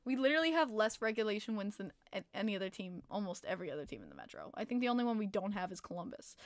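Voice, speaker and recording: Excitable New York woman streaming. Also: a little high, normal speed, no room sound, studio quality. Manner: excitable, profane, laughs often. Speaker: podcast streamer host. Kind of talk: casual live-stream chat.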